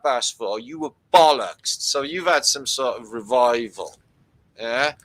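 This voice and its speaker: Sweary man, bright voice, rambling. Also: mid-range voice, a little slow, no echo, low-quality recording. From Britain. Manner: rambling, sweary, reads out chat comments. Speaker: livestream host. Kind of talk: casual livestream chat with viewers.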